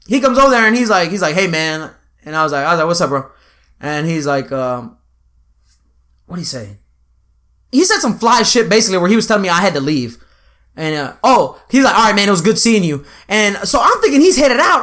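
A young man telling a story in casual chat, animated, with slang and swearing. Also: high-pitched, fairly quick.

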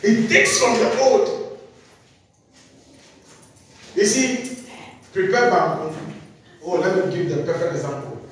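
A man with a Ghanaian English accent preaching a sermon, emphatic, swinging from loud peaks to quiet asides. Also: high-pitched, lively intonation, slow, pauses often, slight background noise. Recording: echoey hall, far from the mic.

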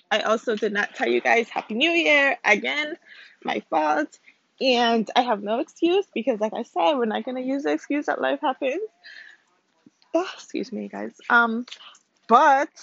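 A woman's voice: sits high, vocal fry, a bit bright, no echo. A woman from the hosting a podcast in casual solo chat, joking and rambling with apologetic asides. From Caribbean. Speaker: podcast host. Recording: dull lo-fi home recording, dry.

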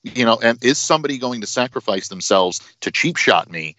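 A man co-hosting a sports podcast, talking it through in a measured way with fillers. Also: medium pitch, expressive, sharp tone, no echo. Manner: measured, thinking aloud with fillers. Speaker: podcast co-host. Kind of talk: casual sports talk. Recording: dry, dull lo-fi sound.

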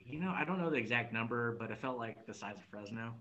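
A man's voice: mid-range voice, lively intonation, fast, pushed and bright, lo-fi sound. A young man from California's Central Valley, a podcast guest talking in a loose, rambling way and laughing often. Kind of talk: casual chat.

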